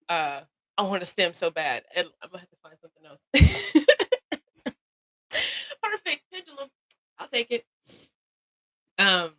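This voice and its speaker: Bright-voiced woman hosting a live stream. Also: mid-range voice, no echo. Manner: animated, laughs often, greets viewers by name, repeats phrases for emphasis. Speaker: livestream host. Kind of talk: casual motivational live stream talk. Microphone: phone.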